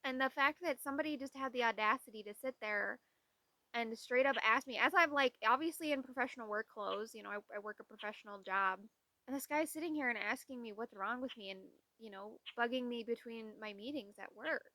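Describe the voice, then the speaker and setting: A young adult woman vlogs casually to the camera, her slightly high voice fairly quick, pushed and bright, with no echo. She tells candid, exasperated stories and acts out what other people said in their voices.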